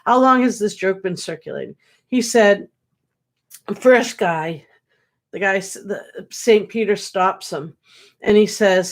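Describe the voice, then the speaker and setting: A woman's voice: mid-range voice, slow pace. A woman psychic medium chatting casually on a livestream, rambling as she relays messages and jokes from spirits, sounding worn out. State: tired. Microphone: webcam or computer mic.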